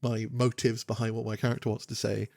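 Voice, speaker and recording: A man's voice: on the low side, level tone, fairly quick, vocal fry, darkish tone, no room sound. A young man co-hosting a podcast, rambling casually and poking fun at himself. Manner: rambling, self-deprecating, swears casually. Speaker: podcast co-host. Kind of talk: casual chat.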